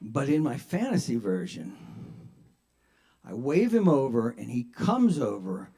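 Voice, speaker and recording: An older man doing a self-mocking stand-up set at an open mic, shifting between mumbled asides and loud punchlines. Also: mid-range voice, wildly swooping pitch, measured pace. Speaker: stand-up comedian. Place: open mic at a kava bar.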